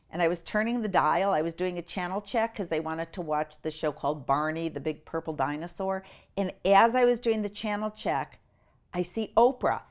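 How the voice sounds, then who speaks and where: Animated middle-aged woman telling a story. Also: mid-range voice. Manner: animated and emotional, acts out voices. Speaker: interview guest. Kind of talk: personal storytelling.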